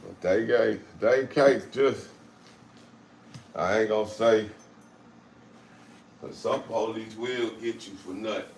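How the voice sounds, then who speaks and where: A man's voice: fairly low pitch, takes it slowly, vocal fry, pauses often, darkish tone. A man with a St. hosting a casual live chat. He talks in a streetwise way and repeats phrases. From St. Louis. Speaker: live stream host. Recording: roomy with faint background noise.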